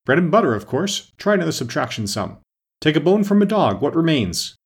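Bossy storybook queen, high and commanding, a male reader putting her on; husky edge. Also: big pitch swings, full character voice. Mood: domineering. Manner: brisk, commanding, scolding. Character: bossy imperious adult female queen.

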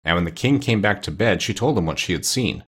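A male narrator reading a children's book aloud at an even, steady pace. His voice sits low and has a husky grain. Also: fast. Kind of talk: audiobook reading of a children's novel.

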